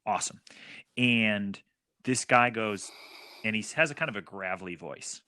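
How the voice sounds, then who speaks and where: A man's voice: fairly low pitch, moderate pace, pushed and bright, a little hiss or hum. A man talking as a guest on a casual chat podcast, telling a story hesitantly and with many fillers.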